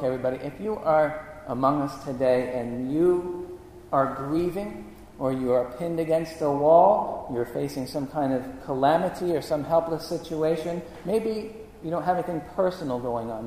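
Preacher, male, earnest and rhetorical; slightly high voice, long hall reverb. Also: moderate pace, a little mellow. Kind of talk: sermon with Bible reading. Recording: echoey hall reverb, faint room noise.

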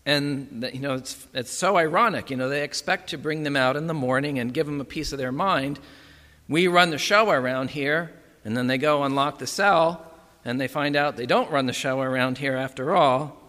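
Male preacher, conversational sermon, bright tense tone, reverberant hall. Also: mid-range voice, fairly quick. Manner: conversational, frequent "right?" and "okay".

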